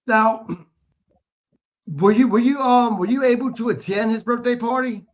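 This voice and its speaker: A man hosting a wrestling podcast, asking interview questions with halting, stammering restarts. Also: very high-pitched. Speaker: podcast host. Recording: slightly dull lo-fi audio.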